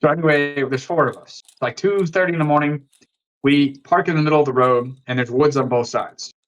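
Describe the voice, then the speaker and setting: Young male podcast guest from the Midwest, pitched a touch high; loose, sweary, rambling storyteller. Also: brisk, lo-fi sound. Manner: profane and rambling, heavy use of "like". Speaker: podcast guest, fitness coach. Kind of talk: casual storytelling in a podcast interview.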